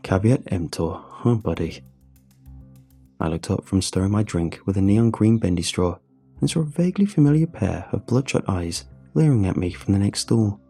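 A man giving a measured, somber first-person horror story narration. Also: fairly low pitch, very animated, vocal fry, dark tone, slightly rough. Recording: faint music bed under voice.

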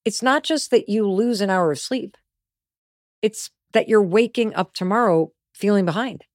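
A woman's voice: medium pitch, no room sound, studio quality. A middle-aged woman hosting a motivational podcast, talking in a candid, emphatic, conversational way. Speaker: podcast host.

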